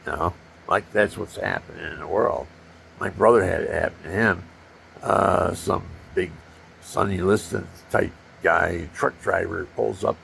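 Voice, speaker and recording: An older man tells rambling personal stories in a deeply gravelly voice. He gets animated as he goes and acts out the punches with his own sound effects. A faint hiss sits behind him. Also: unhurried. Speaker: storyteller.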